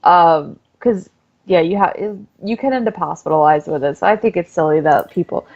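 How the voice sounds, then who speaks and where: A woman co-hosting a casual chat, giving calm, brief replies. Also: on the low side, moderate pace, lo-fi sound. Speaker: co-host.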